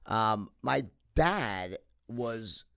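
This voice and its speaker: A gravelly, fairly low voice belongs to a middle-aged man speaking very slowly on a podcast. Still animated, he tells casual interview stories packed with profanity, frequent restarts, and lots of "right?".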